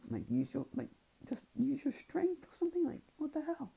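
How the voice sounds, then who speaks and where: A man voicing a shrill, hot-tempered teen girl who yells and curses in a flustered way. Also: wildly swooping pitch, fairly quick, gravelly, full character voice, rough recording. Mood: outraged. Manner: yelling, flustered, cursing.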